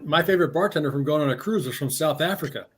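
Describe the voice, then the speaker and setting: A man's voice: fairly high pitch, fast talker, fairly bright tone, breathy edge. A man in casual chat with friends, dropping dry teasing quips.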